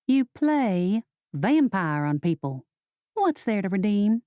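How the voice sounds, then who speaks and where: A woman narrator voicing an angry young witch heroine in an audiobook, sharp and indignant. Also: medium pitch, sing-song, slow pace, dry recording, studio quality.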